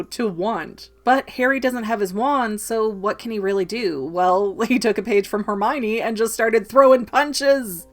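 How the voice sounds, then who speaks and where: A woman hosts a book club vlog and recaps a chapter in easy, chatty talk. She tells it with lively storytelling and keeps breaking into quick little voices for the characters. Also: mid-range voice.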